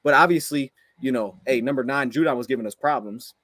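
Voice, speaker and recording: A man's voice: mid-range voice, brisk, a bit bright, no echo. A man co-hosting a sports podcast, ranting heatedly after a game and firing off frustrated rhetorical questions. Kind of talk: heated post-game rant.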